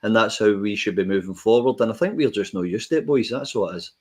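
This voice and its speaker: A man's voice: lowish voice, lively intonation, fast, darkish tone, breathy edge. A man with a Scottish accent on a casual football fan podcast, jumping in to explain a point eagerly and repeating himself. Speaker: podcast panelist.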